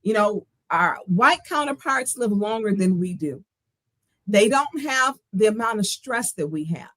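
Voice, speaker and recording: A woman's voice: medium pitch, expressive, unhurried, fairly bright tone, no room sound. A middle-aged woman hosting a livestream talk show, speaking earnestly and with emphasis from her own life and reading out viewer comments.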